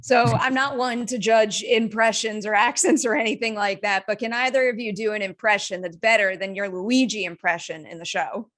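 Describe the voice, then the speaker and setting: A woman's voice: medium pitch, steady tone, a bit bright. A woman interviewing actors, asking playful questions in a chatty, casual way. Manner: chatty, playful, quick asides. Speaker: entertainment interviewer.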